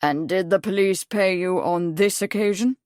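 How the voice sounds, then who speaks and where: Give me a woman playing a courteous gentleman barrister, mild and exact, in an audiobook. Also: medium pitch, moderate pace, no echo, studio quality, close to an everyday voice. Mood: probing. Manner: courteous, mild, precise questioning. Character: polite, probing male barrister in court.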